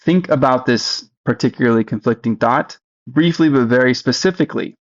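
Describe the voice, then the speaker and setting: A man leading a guided spiritual practice, speaking slowly and deliberately and asking listeners to repeat phrases after him. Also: mid-range voice, muffled recording. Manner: slow, deliberate, leads repetitions. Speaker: spiritual teacher. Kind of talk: guided meditation teaching.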